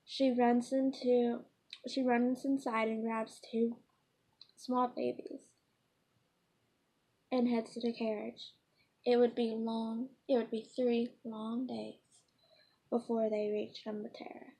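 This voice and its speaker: A woman's voice: on the high side, level tone, warm tone, husky. A woman reading her own fantasy story aloud, stumbling and correcting herself often. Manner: halting, frequent self-corrections. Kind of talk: unpolished storybook read-aloud.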